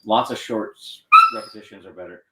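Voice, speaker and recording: A man training a dog on camera, gently encouraging it and explaining each step. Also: lowish voice, brisk, distant mic. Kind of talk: live training demonstration with explanation. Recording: echoey room, off-mic, faint noise.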